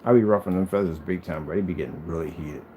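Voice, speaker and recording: A man's voice: sits low, fast talker, warm tone, a little hiss or hum. A man who makes projector screens, talking in a boastful, taunting vlog rant aimed at his critics.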